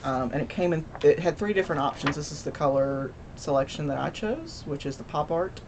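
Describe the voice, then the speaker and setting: A woman's voice: sits low, expressive, fairly quick, noisy background. A woman co-hosting a podcast, chatting casually with wry, self-mocking humor. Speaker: podcast co-host. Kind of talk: casual chat.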